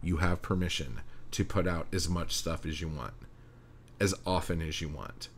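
Deep-voiced, profane man on a podcast. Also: moderate pace, a little hiss or hum. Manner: profane, blunt, encouraging. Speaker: podcast host. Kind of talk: casual solo podcast chat.

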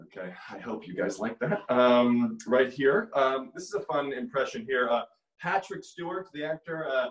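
A man's voice: medium pitch, moderate pace, reverberant, low-quality recording. A young man doing a stand-up impressions set from home, with a radio-announcer voice and dry jokes. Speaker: comedian. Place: at home, filmed by his mother.

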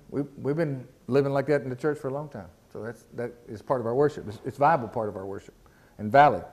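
A man preaching a sermon in a folksy, casual way, often repeating words and asking the congregation questions. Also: mid-range voice. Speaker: pastor. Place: church.

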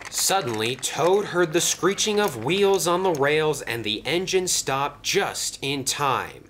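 Lively male storybook narrator. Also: on the high side, slow, slight background noise. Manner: lively, expressive.

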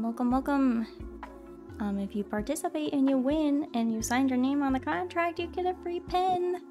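A woman streaming a game, chatting casually, apologizing and greeting viewers by name in a bubbly way. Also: high-pitched. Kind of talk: casual live-stream chat while gaming. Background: game music.

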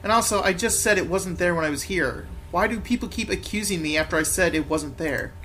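A man's voice: high voice, fairly quick, sharp tone, a little hiss or hum. A man playing a story game, reading its lines and adding wry asides to himself. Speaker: game player. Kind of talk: let's play commentary and reading game text.

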